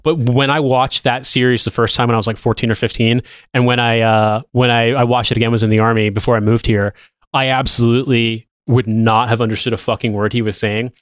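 A man's voice: mid-range voice, flat delivery, a little fast, smooth, no echo, clean studio sound. A man in his thirties co-hosting a podcast, chatting loosely with lots of restarts and casual swearing. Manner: rambling, swears freely. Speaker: podcast co-host. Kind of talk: casual chat.

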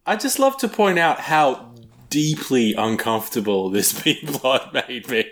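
A man's voice: mid-range voice, animated, measured pace, fairly bright tone. A man guesting on a casual podcast, complaining with laughing irony. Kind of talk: casual chat.

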